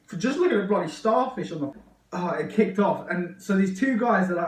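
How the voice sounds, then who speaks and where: A young man excitedly telling a long personal story on his vlog, rambling with lots of fillers. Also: sits high, brisk, echoey room, recorded from a distance, poor audio. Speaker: vlogger.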